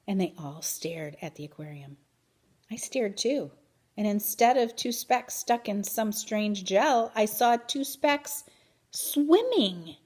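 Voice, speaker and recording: Woman reading a kids' chapter book out loud, really lively ups and downs. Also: mid-range voice, slow pace, husky. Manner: expressive, animated children's-book reading. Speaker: reader. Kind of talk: storybook read-aloud.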